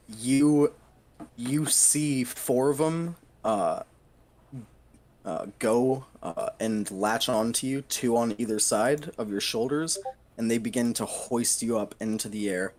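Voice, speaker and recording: Slow-talking man running a tabletop game. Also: mid-range voice, a little mellow. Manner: unhurried, laughs often, halting with fillers. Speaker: game master.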